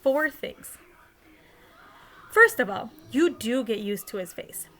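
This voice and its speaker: A woman's voice: a little high, lively intonation, takes it slowly, pushed and bright. A woman teacher reading a novel aloud in a casual, conversational way, sometimes restarting a line.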